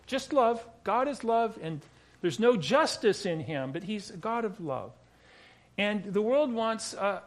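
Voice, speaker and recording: High-voiced, slow-paced preacher man. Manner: emphatic, repetitive, with rhetorical questions. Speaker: pastor. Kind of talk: sermon.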